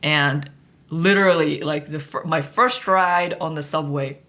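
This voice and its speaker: A woman's voice: low-pitched, unhurried, pushed and bright. A woman from Russia, a podcast guest, telling stories in a chatty, laughing way with many fillers. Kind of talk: casual storytelling.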